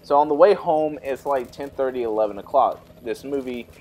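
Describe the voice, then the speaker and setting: A man's voice: mid-range voice, brisk, a little mellow. A young man vlogging, telling a funny personal story in a rambling, casual way with lots of fillers. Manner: rambling, filler-heavy, laughs while telling stories.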